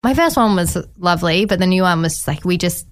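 A woman's voice: on the low side, fast talker. Chatty young woman telling her story. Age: 20s. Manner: chatty and animated, acts out others' words with many "I was like" quotes. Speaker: guest. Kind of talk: candid storytelling in a casual chat.

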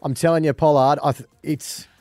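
A man's voice: on the high side, fairly even intonation, brisk, a little mellow, no echo. A man co-hosting a breakfast radio show, chatting in a playful, enthusiastic way. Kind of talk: casual radio banter. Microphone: studio microphone.

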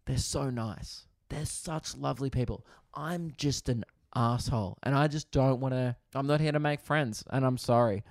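Young Aussie guy, comedian host, gravelly voice, dry close sound, swears freely while telling a story. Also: mid-range voice, normal speed, no echo. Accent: Australian. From Australia, Victoria. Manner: crude, profane storytelling with frequent asides. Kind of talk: comedic podcast monologue. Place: hotel room in quarantine.

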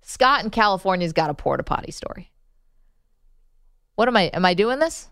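A woman's voice: mid-range voice, animated, moderate pace, fairly bright tone, no room sound, studio quality. A woman hosting a sports talk radio show, playful and opinionated in casual banter. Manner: playful, opinionated, laughs easily.

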